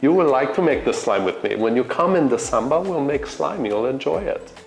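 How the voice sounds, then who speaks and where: A playful mad German scientist with a thick put-on German accent, teasing in broken grammar, as a man puts him on. The voice rides noticeably higher than a plain speaking voice and sounds lighthearted. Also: animated, fairly quick, vocal fry, reverberant, over music.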